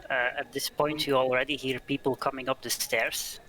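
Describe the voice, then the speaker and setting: A man narrating a tabletop game as game master, slow and halting with fillers. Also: mid-range voice, little pitch movement, sharp tone, low-quality recording.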